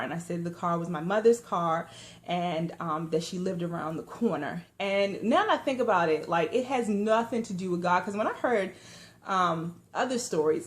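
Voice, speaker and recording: A young adult woman vlogger telling a story to her viewers in slangy, animated, conversational talk, with lively asides. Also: lowish voice, moderate pace. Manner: animated storytelling with lively asides and sudden hushed or loud turns. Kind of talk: casual storytime vlog.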